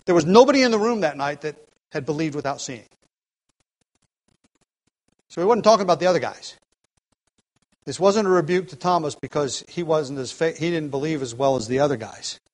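A man's voice: on the high side, lively intonation, fairly quick, long pauses, low-quality recording. A man preaching an expository sermon, earnest and emphatic, restarting phrases and shifting his pace.

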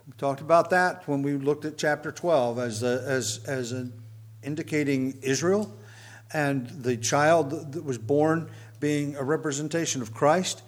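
A man's voice: fairly high pitch, measured pace. A man teaching verse by verse through a Bible passage, explaining as he goes, with frequent ums and restarts.

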